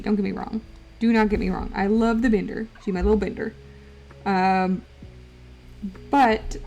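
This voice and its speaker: A woman streamer with a slightly high voice chats casually and playfully. She drifts into doting baby talk and giggles. Soft music hums in the background. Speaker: livestreamer.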